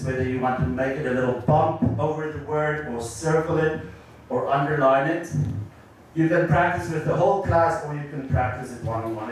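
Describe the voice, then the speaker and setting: A man's voice: a little high, far from the mic, a little hiss or hum. Man presenting in an echoey room. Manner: explanatory, encouraging, asks audience questions. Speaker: teacher trainer. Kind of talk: workshop presentation. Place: large echoey room with audience. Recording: echoey room recorded from afar.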